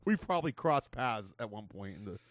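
A man's voice: fairly low pitch, very animated, brisk, fairly bright tone, dry recording, studio quality. A man in his forties from Southern California hosting a casual comedy podcast, rambling, swearing and laughing often. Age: 40s. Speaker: podcast host.

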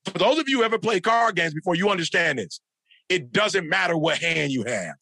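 A man's voice: high-pitched, lively intonation, a little fast, creaky, pushed and bright. A middle-aged man, a motivational speaker on a podcast, telling stories in an emphatic, preacher-like way, repeating phrases for punch. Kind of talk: animated storytelling in a podcast interview.

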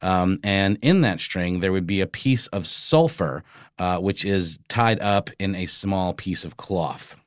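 A man's voice: deep voice, measured pace, clean tone, dry recording, studio quality. A man co-hosting a history podcast, chatty and wry while telling the story. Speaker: podcast co-host. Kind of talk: casual history chat.

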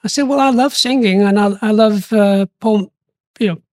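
Brief: older male guest, lively storyteller who acts out quoted voices, recorded dry and close. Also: high-pitched, moderate pace, no echo. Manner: animated, acts out quoted voices, laughs often. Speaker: interview guest. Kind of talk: storytelling interview.

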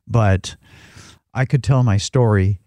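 A man's voice: on the low side, slow, warm tone, dry recording, clean studio sound. A man co-hosting a Christian talk show, teaching from the Bible in an earnest, reflective way with frequent restarts. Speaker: christian podcast co-host.

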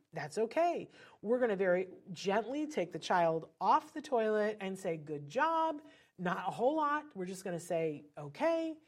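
A woman coaching parents in a chatty, animated teaching talk, now and then breaking into cheerful singsong cheers. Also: mid-range voice. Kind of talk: instructional talk.

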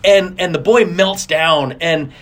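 A middle-aged man, a racing driver guest, telling stories in a casual interview, animated and acting out quotes with big jumps in his voice. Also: on the high side, takes it slowly.

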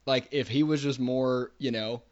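Guy hosting a podcast, thinking out loud, kinda muffled audio. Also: medium pitch, fairly even intonation, normal speed, crowd noise. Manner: thoughtful, musing out loud. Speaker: podcast host. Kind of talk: casual conversation.

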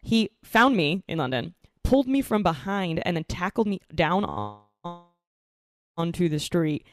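A woman's voice: lowish voice, a little slow. A young woman hosting a podcast, chatting casually from her living room and laughing often as she tells stories. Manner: animated storyteller, laughs often. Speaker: true crime podcast host. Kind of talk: casual chat. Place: apartment living room at home.

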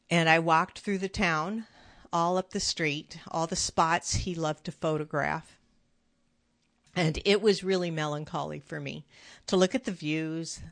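A middle-aged woman with a lowish voice speaks gently and openly, hosting her own podcast. She talks reflectively and candidly from her home office. The sound is dry and close, with little room echo. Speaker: podcast host. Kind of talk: personal podcast monologue.

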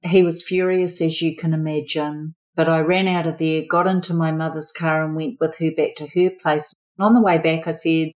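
An older woman from New Zealand with a low voice, a former therapist, gives personal testimony about her own story. She speaks in a measured, earnest way with fairly even intonation, though the recording quality is low.

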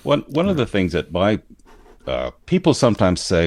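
A man with a standard American accent, explaining his views in a casual discussion in a measured way. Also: sits low, wildly swooping pitch, darkish tone, dry recording, studio quality. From United States. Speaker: commentator.

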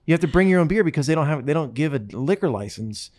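Man, show host, casual rambling chat, joking, very animated pitch, studio mic. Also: fast. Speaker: show host and touring musician. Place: radio studio. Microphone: studio microphone.

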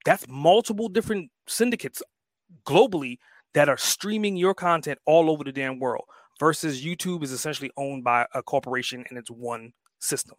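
Fired-up man with a fairly high voice. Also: normal speed, no echo. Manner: emphatic, profane, fired up. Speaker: podcast guest, entrepreneur. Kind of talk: casual conversation.

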